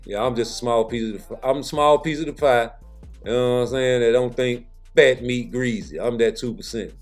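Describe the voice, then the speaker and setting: A man's voice: mid-range voice, moderate pace, faint music behind. A man giving a casual vlog monologue in blunt, profane street talk. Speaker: vlogger.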